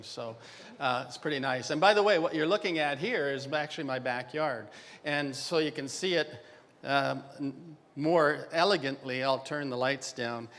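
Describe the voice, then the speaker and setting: A man's voice: medium pitch, fairly bright tone. Wry older man lecturing in a hall. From Canada. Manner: wry, self-mocking, chatty with the audience. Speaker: dental radiology lecturer. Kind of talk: joking conference lecture. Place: large conference hall. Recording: reverberant conference hall.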